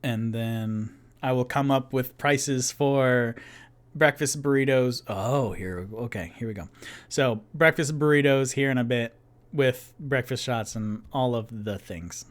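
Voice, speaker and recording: A man's voice: mid-range voice, unhurried. A man casually narrating a solo tabletop game as game master, playful and chatty, laughing at his own rolls.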